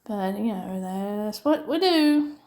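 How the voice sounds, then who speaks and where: A woman's voice: on the high side, animated, slow pace, a little mellow. A middle-aged woman with a Southern US accent from upstate South Carolina, chatting in a rambling, folksy way while she crafts. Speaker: diamond painting vlogger.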